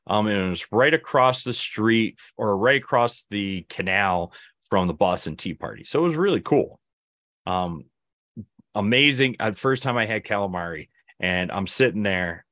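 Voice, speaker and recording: A man's voice: on the low side, fairly bright tone, no echo. A young man co-hosting a podcast in casual chat, telling rambling stories and acting out his friends' lines. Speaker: podcast co-host.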